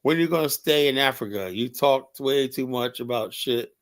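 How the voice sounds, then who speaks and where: A blunt male livestream host speaking at an ordinary, middle pitch. He rambles in a loose, casual way, scattering "you know" and "right?" through his talk. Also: moderate pace.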